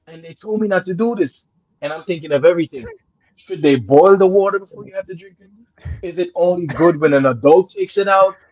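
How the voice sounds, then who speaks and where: A man who grew up in Jamaica, telling a story in casual chat, swinging between loud excited bursts and low murmurs, laughing and swearing often. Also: brisk, dull audio. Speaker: guest.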